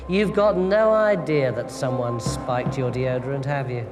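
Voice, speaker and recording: A man voicing a sly, cruel young princess in a hushed, purring, menacing tone, over music. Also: medium pitch, measured pace, big-room sound, voice pushed down, natural voice. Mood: sly, gloating.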